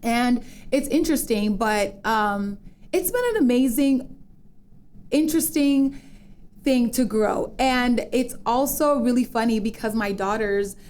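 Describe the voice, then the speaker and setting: Animated chatty woman, slightly high voice. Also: unhurried. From United States, Dominican parents. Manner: animated storyteller, acts out quoted voices, laughs often. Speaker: podcast guest. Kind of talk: casual interview chat.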